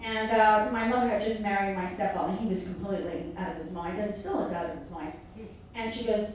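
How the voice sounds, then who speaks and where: A woman's voice: medium pitch, fairly quick, highs cut off, a little hiss or hum. A middle-aged woman performing a stand-up comedy set, telling family stories and acting out her relatives' voices. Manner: storytelling, acts out relatives' voices. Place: comedy club stage. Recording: echoey live room, mic at a distance.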